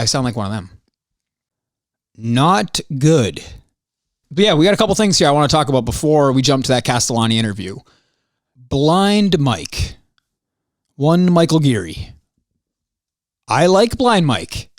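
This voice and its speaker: A young man hosting a podcast, hoarse and losing his voice, ranting heatedly with plenty of swearing. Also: a little high, dry recording, studio quality. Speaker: podcast host. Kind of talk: casual podcast monologue.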